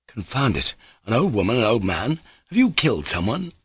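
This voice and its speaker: A man's voice: medium pitch, very animated, moderate pace, husky, dry recording, voice pushed up. A man voicing a wary, sensible young official in an audiobook reading, questioning and reproachful.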